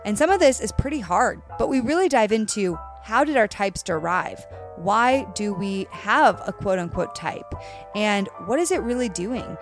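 A woman's voice: mid-range voice, lively intonation, normal speed, faint music behind. A woman in her thirties hosts a casual dating podcast. She sounds upbeat, laughs often, and talks straight to her listeners. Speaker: podcast host.

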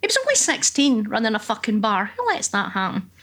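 Woman, Glaswegian accent, middle-aged, higher pitch, swearing, acting out voices, casual chat. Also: wildly swooping pitch, brisk, fairly bright tone. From Scotland. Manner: swears freely, acts out voices in her stories. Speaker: guest comedian. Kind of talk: casual chat over lunch.

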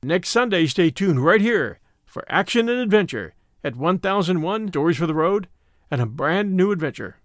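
A man hosting a story show, reading a classic novel aloud in an expressive, animated storytelling manner. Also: high voice, moderate pace, dry recording, studio quality. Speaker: host and narrator. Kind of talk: scripted audiobook narration.

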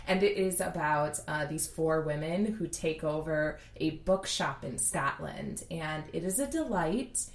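A woman with a low voice chats cheerfully as a librarian guest, clearly keen on the topic. The sound is roomy and echoey. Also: unhurried. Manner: cheerful, enthusiastic. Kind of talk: casual chat.

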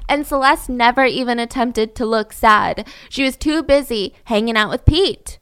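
A woman's voice: a little high, moderate pace, fairly bright tone, clean tone, no echo, studio quality. A young woman telling a true-crime story casually, with wry, sarcastic asides.

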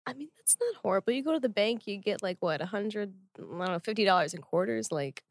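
A woman's voice: mid-range voice, lively intonation, fast, no echo. A young woman co-hosting a podcast, chatting casually, teasing and laughing easily. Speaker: podcast co-host. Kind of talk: casual chat.

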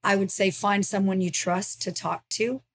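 A middle-aged woman recounts her personal testimony as an interview guest. Her pitch sits mid-range for a woman. She speaks in an earnest, emotional storytelling manner. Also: fairly even intonation, moderate pace. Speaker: ministry founder, guest.

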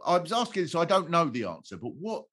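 A man's voice: a little high, very animated, fast, a bit bright, slightly rough. A male host in casual chat, asking eager, rambling questions.

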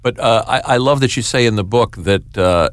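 A man co-hosting a podcast interview, eager and quick, often stumbling and restarting his words. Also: mid-range voice. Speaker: podcast co-host. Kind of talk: casual interview chat.

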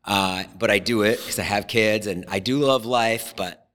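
Male podcast host, forties, animated self-deprecating storyteller, reverberant room. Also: lowish voice, normal speed. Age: 40s. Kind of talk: casual chat. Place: podcast studio.

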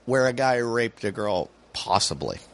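A man's voice: medium pitch, a little slow. American man telling a story animatedly. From United States. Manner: animated, acts out voices in his story. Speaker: comedian guest. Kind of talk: casual podcast storytelling.

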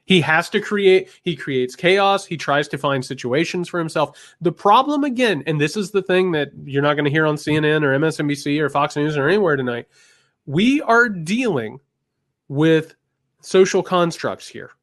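A man co-hosts a heated political podcast, his voice pitched high for a man. He talks in emphatic bursts of outrage that drop into low, grim asides. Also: animated, normal speed, fairly bright tone. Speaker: podcast co-host, political commentator.

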